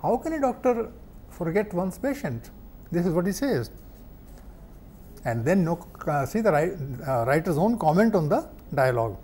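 A man giving a literature lecture, explaining slowly with many fillers and restarts. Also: on the high side, very animated, darkish tone, a little hiss or hum. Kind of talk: academic lecture.

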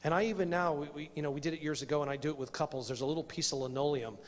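A man's voice: fairly high pitch, racing. A middle-aged man, a preacher leading a men's workshop at a conference. He talks in a chatty, self-deprecating way, tells personal stories and puts questions to the audience. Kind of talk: conference workshop talk to men. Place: church hall. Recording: reverberant church hall.

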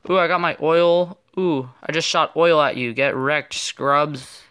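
A man giving casual, excitable gameplay commentary with playful trash talk. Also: a little high, a little slow, clean tone. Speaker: gaming channel host.

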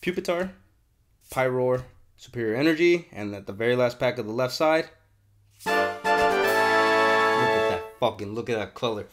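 A young man hosting a card unboxing, chatting casually with lots of swearing and bursts of excitement, congested and sniffly. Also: mid-range voice, fairly quick, music in the background. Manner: profane, excitable, rambling. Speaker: card unboxing channel host.

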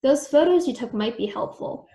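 A woman voicing a confident, playful woman sleuth with a brisk, teasing way of talking, recorded in a roomy space. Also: high-pitched, lively intonation, creaky, warm tone. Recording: roomy echo.

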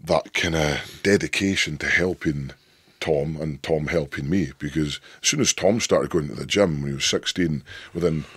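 A Scottish man in his thirties with a deep voice, a guest telling stories in a rambling, sweary, emphatic way. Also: moderate pace, fairly bright tone, husky, no echo. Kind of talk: casual interview chat.

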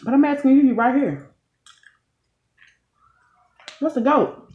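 A woman in her thirties, a mother who runs a channel, hosts a casual mukbang, chatting folksy and straight to viewers while repeatedly saying "y'all." Her voice is high-pitched, expressive and brisk. The audio is dull and lo-fi, in an echoey room.

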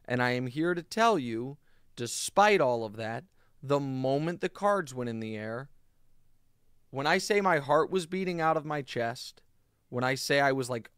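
A man hosting his own podcast, telling a story in a casual, animated monologue full of fillers and asides. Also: a little high, clean tone, no echo, studio quality. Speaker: podcast host.

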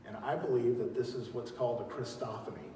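A man preaching a sermon as pastor, swinging from loud calls to quiet teaching and leading his congregation in call-and-response. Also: mid-range voice, fairly even intonation, fairly quick, a little hiss or hum. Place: large church hall. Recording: echoey hall, voice from far off.

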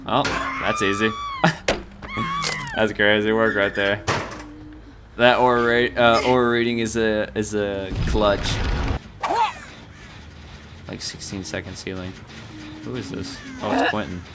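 A man giving live commentary on his own gameplay, excitable and talking to himself as he plays. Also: on the low side, measured pace, pauses often. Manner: excitable, talks to himself while playing. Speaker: gaming streamer. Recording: game music loud behind.

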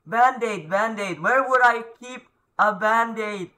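A young man talks his way through a horror game, reading text aloud and yelping whenever something startles him. His voice sits high for a man, with a bright, sharp edge. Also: slow, poor audio. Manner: jumpy, yelps and shouts at scares. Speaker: gameplay commentator.

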